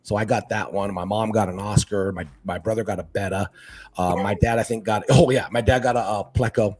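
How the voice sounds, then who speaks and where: A middle-aged man from Hawaii telling casual stories about his life, animated and acting out what his family said. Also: lowish voice, a little fast. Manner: animated, acts out family quotes. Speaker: podcast guest. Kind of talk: casual storytelling chat.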